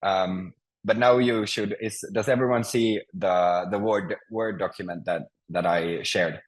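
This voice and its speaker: Man teaching an online language class, lowish voice, patient, halting, fillers and restarts, video call audio. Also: steady tone, poor audio. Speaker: Finnish teacher. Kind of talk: online language lesson over Zoom. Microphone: video call mic.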